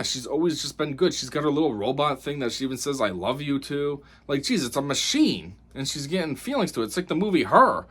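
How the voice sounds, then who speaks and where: A man's voice: mid-range voice, a bit bright, breathy edge. A man giving a casual spoken review of a TV episode, rambling and exasperated, with lots of fillers.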